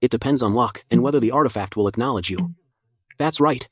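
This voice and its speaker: An actor playing a calm, composed young male doctor of ghosts in an animated drama dub. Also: medium pitch, fairly quick, slightly rough, dry recording, natural voice. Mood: thoughtful.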